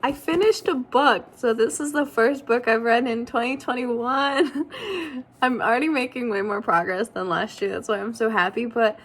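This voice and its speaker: A woman's voice: a little high, fairly even intonation, normal speed, fairly bright tone. A young woman chatting casually in a reading vlog, emotional and gushing, with many fillers. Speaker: book vlogger.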